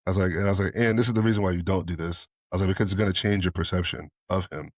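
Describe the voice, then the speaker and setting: A man co-hosting a podcast in candid casual chat, telling animated stories, acting out both sides of conversations and swearing freely. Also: low voice, rapid-fire, no room sound, clean studio sound. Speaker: podcast co-host.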